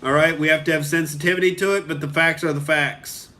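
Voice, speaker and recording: A man's voice: a little high, fairly even intonation, quick pace, pushed and bright. A young male comedian from Oklahoma ranting on a live stream, heated and profane, reading out and answering viewer comments.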